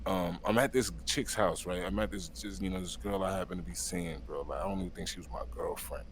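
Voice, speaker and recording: A man's voice: sits low, brisk, slight background noise. A middle-aged man from Long Island, New York, telling stories as an interview guest in a laid-back, slangy way, talking over a video call. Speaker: guest, battle rapper. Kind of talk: casual storytelling interview.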